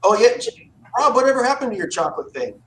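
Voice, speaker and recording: A man's voice: very high-pitched, sing-song, fast talker. A man chatting casually on a livestream, telling rambling, profane stories. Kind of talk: casual chat. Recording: roomy echo with faint noise.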